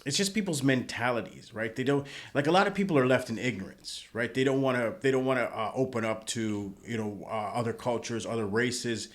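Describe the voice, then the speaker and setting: A man with a Canadian accent chatting as a podcast guest, his voice sitting at an ordinary middle pitch. He talks loosely and laughs easily, and he trails off into fillers as he thinks. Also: brisk, hardly any pauses. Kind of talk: casual podcast chat.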